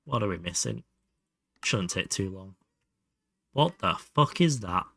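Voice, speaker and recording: A man's voice: fairly low pitch, animated, unhurried, vocal fry, fairly bright tone, dry recording, studio quality. A young man with a Hull Yorkshire accent, casually chatting and swearing while playing a game on a live stream. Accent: Hull Yorkshire English. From Hull, England. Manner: chatty, swearing, laughing asides. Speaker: livestream gamer.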